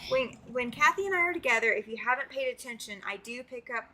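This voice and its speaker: Southern lady hosting a quilting live, bit high pitched, chatty and laughy, talks right to the viewers. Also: lively intonation, fast, sharp tone, slight background noise. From Southern United States. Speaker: quilting livestream host. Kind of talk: casual live-stream chat, reading viewer comments.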